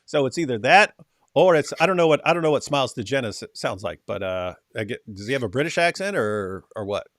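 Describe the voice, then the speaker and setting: A man hosting a casual livestream chat, sarcastic and mocking, often trailing off quietly at the ends of lines. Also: mid-range voice, animated, fast talker, no room sound, clean studio sound. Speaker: host.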